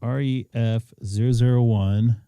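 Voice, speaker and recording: A man hosting a ham radio live stream, chatting casually and doing radio checks, with a somewhat nasal voice and an animated, mock-offended manner. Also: medium pitch, measured pace, slight background noise.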